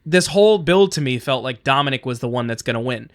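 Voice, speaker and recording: A man's voice: medium pitch, expressive, fast. A man co-hosting a wrestling podcast, giving earnest opinions in casual chat. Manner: earnest, opinionated, thinks aloud. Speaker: podcast co-host.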